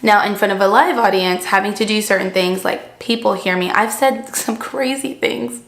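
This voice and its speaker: Seated indoors, a young woman talks casually to her camera in a rambling vlog, saying "like" constantly. Her medium-pitched voice is fairly bright at a moderate pace, and the camera mic picks up an echoey room.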